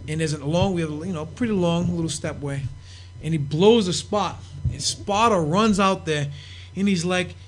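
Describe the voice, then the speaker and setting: Here a high-pitched man speaks at normal speed, swapping crude backstage tales as a guest on a podcast. Laughing and lively, he imitates the people he's quoting, and a little background noise can be heard.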